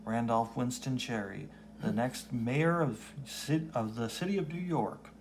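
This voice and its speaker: A man's voice: medium pitch, unhurried, slight background noise, natural voice. A man playing a grandiose announcer reading a campaign advertisement in a comic. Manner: grand, salesy announcer delivery. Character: booming male campaign-ad announcer.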